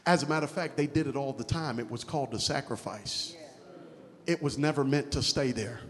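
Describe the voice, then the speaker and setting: A man preaching a sermon, moving between hushed teaching and shouted, rhythmic exhortation with call-and-response refrains. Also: mid-range voice, a little fast, in a large hall.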